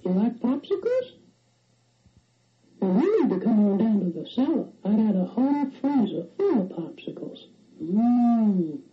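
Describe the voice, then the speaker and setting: A man's voice: high voice, sing-song, measured pace. A man voicing a creepy coaxing puppet, swooping sly tone, dull lo-fi sound. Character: creepy ghostly male puppet luring with treats. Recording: dull lo-fi audio.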